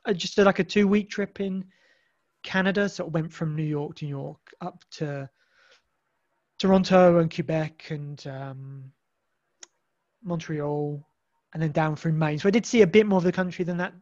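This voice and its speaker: An English man with a fairly high voice talks loosely, circling back and restarting his sentences often. The sound is dull and lo-fi, like a modest home setup. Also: moderate pace, long pauses, darkish tone. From England. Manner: rambling, many restarts and fillers. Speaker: guest. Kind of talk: casual podcast conversation.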